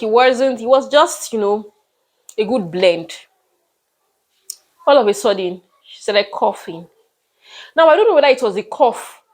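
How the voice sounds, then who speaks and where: Emphatic Nigerian woman telling a story. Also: fairly high pitch. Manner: emphatic, repeats words, exclaims to God. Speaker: vlogger. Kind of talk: personal storytelling vlog.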